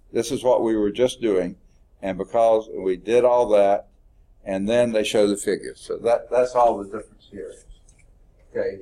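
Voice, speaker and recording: A middle-aged man gives a math lecture in a casual, folksy way, reasoning aloud and catching his own errors as he goes. His voice is fairly low, creaky, and darkish in tone.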